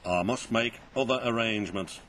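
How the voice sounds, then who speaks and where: A man's voice: lowish voice, normal speed, background noise, voice pushed down, natural voice. A man voicing a stern, formal middle-aged railway boss in a children's storybook reading. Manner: formal and pompous.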